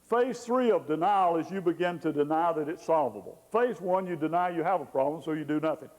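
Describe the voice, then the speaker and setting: A man gives a folksy teaching talk, playfully voicing the people in his examples. His voice sits high for a man. It rings out with a long reverb, as in a big hall. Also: animated, a little fast, darkish tone. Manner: folksy, acts out quoted people with humor. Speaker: Christian counselor teaching.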